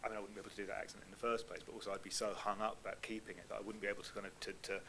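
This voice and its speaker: A man hosting a live Q&A, articulate and chatty, rushing through long questions. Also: on the low side, level tone, sharp tone, a little hiss or hum, poor audio. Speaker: host. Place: live stage event.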